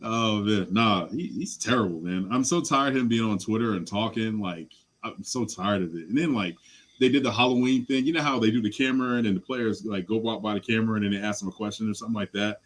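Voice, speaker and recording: A man's voice: lowish voice, fast, poor audio. A man talking as a podcast guest in casual sports chat, passionate, blunt and rambling.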